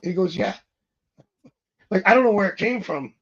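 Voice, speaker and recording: A man's voice: high-pitched, normal speed, a bit bright, slightly rough, dull audio. A man talking as a psychic tarot reader in a casual interview, rambling along and acting out the lines of the people he quotes. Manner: rambling, acts out quoted dialogue.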